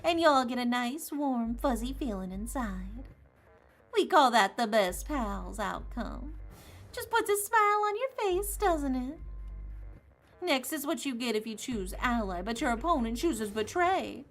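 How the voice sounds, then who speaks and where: Faint music plays behind a woman reading a visual novel aloud on stream in a slightly high voice. Unhurried and sing-song, she voices a mischievous male AI rabbit game master with a put-on Southern drawl and a teasing, taunting tone.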